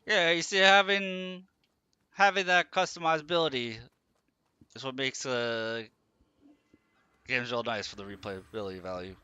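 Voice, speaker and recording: A man's voice: medium pitch, steady tone, a little slow, long pauses, pushed and bright, smooth. A male streamer chatting casually with viewers over gameplay in a laid-back way. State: sleepy, yawning. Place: room at home.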